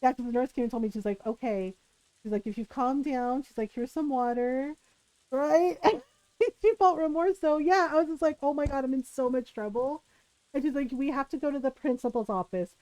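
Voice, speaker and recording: A woman streamer with a high voice tells a long story in a casual, lively way. She acts out each person's lines and laughs between them. The sound is dry, with no room echo. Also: normal speed. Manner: animated, acts out quotes, laughs often.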